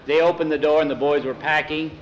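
A man's voice: fairly high pitch, fairly even intonation, quick pace, lo-fi sound, a little hiss or hum. Chatty man telling a story aloud. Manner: chatty, rambling, repeats "he said". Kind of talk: informal oral storytelling.

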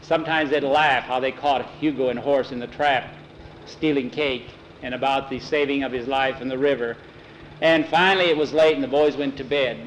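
A man's voice: medium pitch, steady tone, moderate pace, slight background noise, poor audio. A man telling a children's story aloud in a folksy, homespun way, with small slips and self-corrections.

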